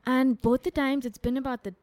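A woman's voice: sits high, fairly even intonation, fairly quick, a little mellow. A young woman chatting casually as a podcast co-host, blunt and swearing freely, often saying "dude". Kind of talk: casual chat.

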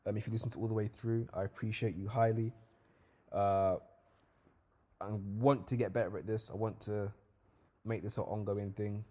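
A man's voice: lowish voice, moderate pace, pauses often. A young man hosting a solo podcast, talking in a casual, slangy way. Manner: casual slangy storytelling, lively when reliving events. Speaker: podcast host.

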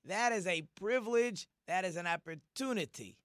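A man teaching an informal Torah lesson, animated and acting out the quoted speech of the figures he discusses. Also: sits high, moderate pace, no echo, studio quality. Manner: animated, acts out quoted speech in different voices.

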